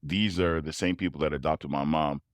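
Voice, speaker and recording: A man, a tuba player, telling personal stories as a guest, animated and often laughing. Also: very deep voice, normal speed, no echo, clean studio sound. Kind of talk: interview storytelling.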